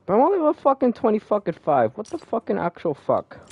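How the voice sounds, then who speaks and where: A young man giving loud, swearing, exasperated commentary while playing a game. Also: high voice, huge pitch swings, fast, breathy edge, no room sound, muffled recording, faint music behind. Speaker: gamer streamer. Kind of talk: casual gameplay commentary.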